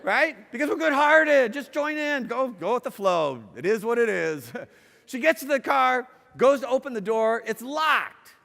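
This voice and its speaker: A middle-aged man giving a lively talk to students, chatty and playful, asking the audience questions and telling stories. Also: very high-pitched, normal speed, creaky. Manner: conversational and playful, asks the audience questions, acts out quotes. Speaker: speaker addressing students. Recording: long hall reverb.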